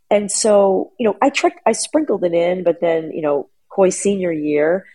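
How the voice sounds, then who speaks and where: Middle-aged lady rambling thru a story, lower voice, bit breathy. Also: moderate pace, few pauses, dark tone, low-quality recording. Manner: rambling storyteller with many restarts and fillers. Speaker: guest. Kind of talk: casual chat.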